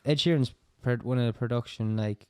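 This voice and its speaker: A young Irish man chatting over drinks, spinning loose, rambling stories and laughing as he goes. His voice is smooth and resonant, and the recording is dry and close. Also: medium pitch, a little fast, warm tone, no echo. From Ireland. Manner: rambling storyteller, laughs often. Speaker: co-host. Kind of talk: casual pub chat.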